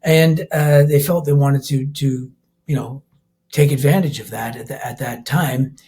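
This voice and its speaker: A man's voice: medium pitch, fairly even intonation, unhurried, warm tone. An older man, a rock musician, talking casually as a podcast guest, rambling with frequent restarts and laughing easily. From Canada. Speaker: rock band vocalist and keyboardist, guest. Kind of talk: casual interview talk.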